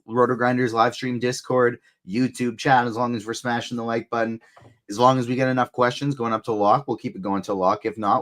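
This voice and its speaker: A man with a fairly low voice hosts a live stream in relaxed chat. He speaks in a brisk, organized way and steers the conversation from topic to topic. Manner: brisk and organized, runs the show. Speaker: fantasy sports show host.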